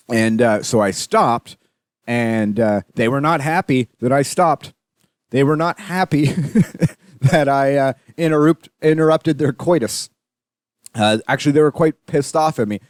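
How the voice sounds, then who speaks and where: With a fairly high voice at a moderate pace, this young Canadian man hosts his podcast on a dry, clean studio recording. The talk is a rambling, profane, casual monologue of stories, animated in the retellings.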